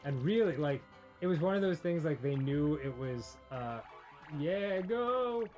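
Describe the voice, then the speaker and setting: A man's voice: fairly high pitch, lively intonation, moderate pace, warm tone, soft background music. A man co-hosting a casual chat, telling a story in a rambling way full of fillers, restarts and laughter. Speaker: podcast co-host.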